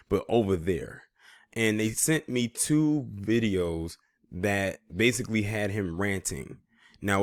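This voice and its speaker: Laid-back man, low voice, dry sound. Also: no echo. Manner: relaxed, conversational, explaining to viewers. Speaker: vlogger commentator. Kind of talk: casual commentary.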